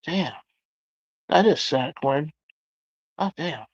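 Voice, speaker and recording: A man hosting a livestream, chatting casually as he reads out viewer comments and reacts to them with loud exclamations. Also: on the high side, lively intonation, takes it slowly, dry recording, lo-fi sound. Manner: exclamatory, reacting aloud to chat. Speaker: livestream host.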